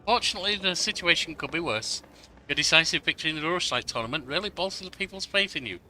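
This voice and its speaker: A man's voice: a little high, lively intonation, fast, bright, forceful tone, a little hiss or hum, voice pushed up, low-quality recording. Man voicing a breathless alarmed young royal advisor. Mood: hopeful. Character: young woman royal advisor, earnest and urgent. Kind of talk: reading game dialogue aloud.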